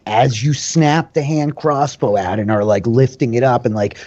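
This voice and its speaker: A man's voice: mid-range voice, moderate pace, a little mellow, highs cut off. A man narrating a tabletop game as dungeon master, talking loosely with lots of "like" and fillers.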